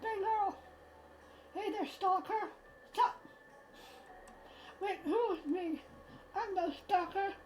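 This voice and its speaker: A woman's voice: extremely high pitch, slow pace, long pauses, a little hiss or hum, rough recording. A woman streamer reading game dialogue aloud on a live stream, with playful, wry remarks.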